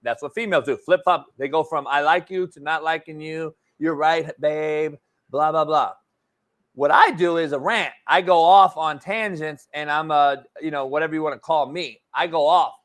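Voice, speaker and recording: A man's voice: fairly high pitch, normal speed, fairly bright tone. A man hosting a sports talk show, arguing bluntly and with profanity, repeating himself to take the floor. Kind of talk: heated sports debate.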